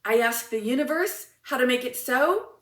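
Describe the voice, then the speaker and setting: A woman with a high voice shares a personal story as a motivational speaker, animated and enthusiastic. The sound is in an echoey room. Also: moderate pace, far from the mic.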